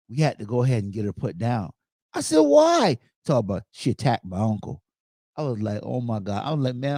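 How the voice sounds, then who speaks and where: A man hosting a podcast, telling stories in a lively way and acting out the quotes. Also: sits high, dry recording, clean studio sound. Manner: animated storytelling, acts out quotes. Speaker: podcast host. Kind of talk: casual chat.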